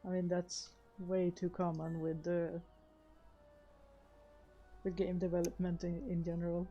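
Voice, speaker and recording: A woman streamer thinking aloud while she plays, chatty and a little unsure of herself. Her voice is warm and mellow. Soft game music sits in the background. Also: fairly low pitch, monotone, unhurried, long pauses. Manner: chatty, self-deprecating, hesitant. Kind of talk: casual game commentary.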